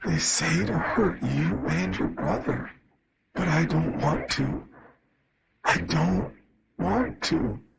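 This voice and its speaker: A man voicing a monstrous creature that mimics a dead father, speaking in a strangled, hoarse voice with slow, choked pleading. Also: on the high side, noisy background, voice pushed up, exaggerated voice.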